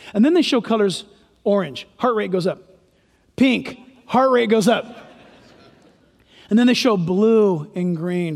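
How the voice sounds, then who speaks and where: A man's voice: high voice, measured pace, long pauses, darkish tone, big-room sound. A male pastor preaching a sermon, emphatic and full of rhetorical questions.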